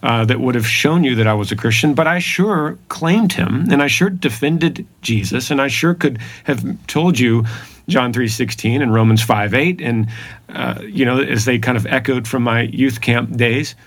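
A man's voice: medium pitch, normal speed, fairly bright tone. A man, sharing a personal faith testimony in an earnest, emphatic way. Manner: earnest, emphatic storytelling with repeated phrases. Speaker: podcast guest.

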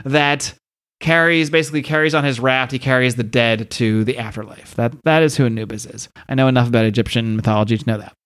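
A man's voice: medium pitch, fairly even intonation, fast talker, fairly bright tone. A man hosting a podcast who recaps a comic book in a rambling, laughing, casual way. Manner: rambling, laughs while retelling. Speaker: podcast host.

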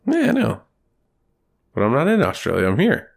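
A man's voice: mid-range voice, huge pitch swings, moderate pace, gravelly. A man co-hosting a podcast in casual chat, laid-back with short replies. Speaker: podcast co-host.

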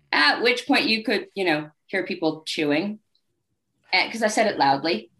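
A woman's voice: mid-range voice, moderate pace. A woman guest author telling candid, wry anecdotes in a casual interview. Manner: acts out quoted people in lively voices.

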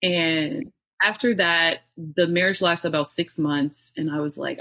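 A middle-aged woman, a podcast guest, telling her own story in a candid, animated way with bursts of laughter. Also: sits low, unhurried. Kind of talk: personal storytelling in an interview.

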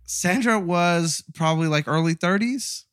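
Man in his thirties, caller, chatty storyteller, slightly high voice, very dry. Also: a little slow, smooth, dry recording. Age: 30s. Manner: animated, laughing, acts out coworkers' lines. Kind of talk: casual storytelling.

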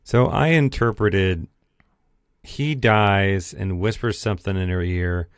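A man co-hosting a casual film review podcast, laying out his reading of a plot in a deliberate way. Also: sits low, clean tone, no echo, studio quality. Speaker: podcast co-host.

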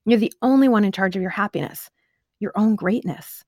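A motivational speaker tells a personal story casually to camera, earnest and chatty, peppering her speech with "like" and "right?". Her mid-range voice moves fairly quickly, with lo-fi sound and no room sound.

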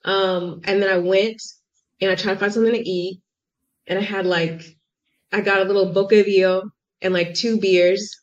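A young American woman telling a travel story in a podcast interview, chatty and animated, full of "like" and acted-out quotes. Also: mid-range voice, moderate pace. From United States. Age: young adult. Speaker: guest. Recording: muffled lo-fi audio.

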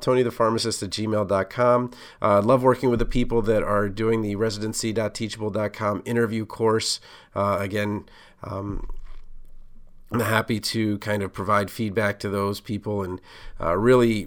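A man hosting a podcast, giving casual career advice in a conversational, loosely rambling way full of asides. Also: on the low side.

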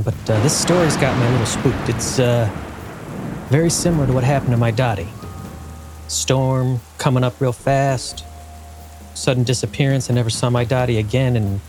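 A man's voice: mid-range voice, natural voice. A man playing a grieving everyman widower. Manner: rambling, gentle, halting. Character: grieving middle-aged male widower driver, kindly.

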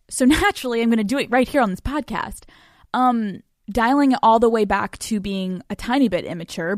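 A woman's voice: on the high side, no room sound, studio quality. A woman in her twenties hosting a podcast, telling a comedic story in a brash, profane way, laughing often and acting out dialogue. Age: 20s. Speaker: podcast host. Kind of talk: comedic monologue.

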